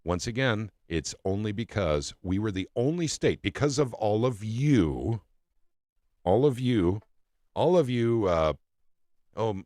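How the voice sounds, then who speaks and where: Deep-voiced man hosting a political podcast. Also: expressive, measured pace, darkish tone, dry recording, clean studio sound. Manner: emphatic, repeats phrases for effect. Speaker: podcast host. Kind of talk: casual political talk show.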